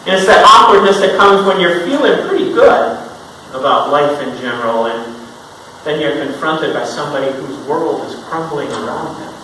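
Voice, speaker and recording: A male pastor delivering a sermon, telling a story with sudden emphatic rises and soft drops. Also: expressive, normal speed. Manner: storytelling, rising to emphatic highs then dropping soft. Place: church sanctuary. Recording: echoey hall from far off, noisy.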